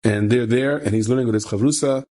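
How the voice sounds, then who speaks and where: Rabbi storyteller, male, husky and breathy tone, mid-range pitch, lively retelling that leaps into characters' voices. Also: fast talker. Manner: animated, acts out characters with sudden high-pitched quoted voices; repeats phrases for emphasis. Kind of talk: storytelling sermon.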